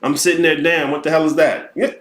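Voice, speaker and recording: A man's voice: on the high side, little pitch movement, fast talker, fairly bright tone. A man hosting a podcast, ranting bluntly and profanely in casual talk and sometimes mocking other people's voices. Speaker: podcast host. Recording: roomy echo.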